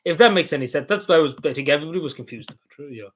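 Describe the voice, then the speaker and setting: A hoarse man with a Cavan Irish accent, rambling casually as he talks through his travel photos, repeating himself and swearing now and then. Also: fairly high pitch, animated, very fast. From Ireland. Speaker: vlogger.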